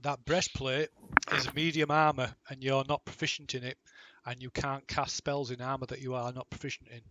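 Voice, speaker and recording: A man's voice: medium pitch, level tone, moderate pace, pushed and bright, lo-fi sound, a little hiss or hum. A man running a tabletop role-playing game as game master, patiently explaining rules with plenty of fillers and restarts.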